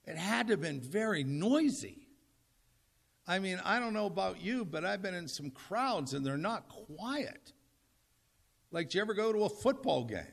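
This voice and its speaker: A man's voice: sits high, gravelly, a bit bright. An older man preaching a sermon in a conversational, humorous way, often asking the audience questions. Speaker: pastor.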